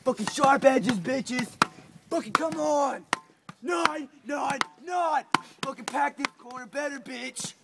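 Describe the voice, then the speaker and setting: A man in a mock drill-sergeant rant, shouting profane orders outdoors. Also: very high-pitched, slow pace, vocal fry. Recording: loud background noise.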